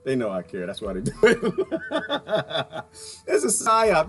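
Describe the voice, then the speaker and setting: A man's voice: fairly high pitch, wildly swooping pitch, takes it slowly. A man hosting a casual livestream, rambling and laughing often as he talks straight to his viewers. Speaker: livestream host.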